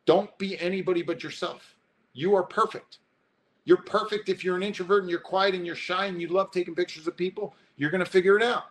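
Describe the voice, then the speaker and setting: A man presenting an online photography workshop, animated and high-energy, talking straight to his viewers while alone at his computer. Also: a little fast. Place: indoors, alone in front of a computer. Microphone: webcam or computer mic, alone talking to a screen.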